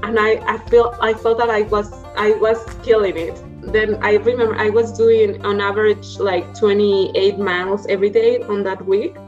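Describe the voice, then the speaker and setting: A woman's voice: medium pitch, fairly even intonation, normal speed, few pauses, darkish tone, dull audio, soft background music. Woman, searching for words. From Mexico. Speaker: podcast guest. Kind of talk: casual interview.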